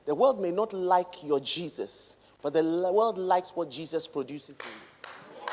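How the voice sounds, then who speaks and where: A woman's voice: low voice, expressive, measured pace, a little mellow. A woman reverend preaching a sermon with emphatic, repetitive phrases that build in cadence. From England. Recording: long reverb of a large hall.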